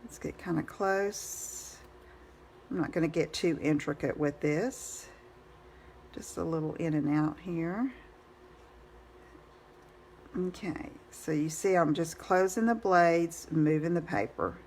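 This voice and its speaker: A woman's voice: deep voice, takes it slowly, pauses often, a little mellow, a little hiss or hum. A woman giving a live card-making demonstration, chatty and encouraging, greeting viewers by name.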